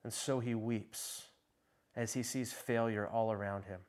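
A man preaching a sermon, swinging between soft, low passages and loud, ringing ones, with slow, dramatic pauses. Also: fairly even intonation. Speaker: pastor.

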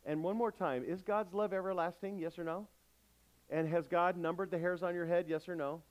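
A man's voice: high-pitched, fairly even intonation, moderate pace, low-quality recording. A male pastor delivering a sermon, emphatic and calling out questions to his congregation.

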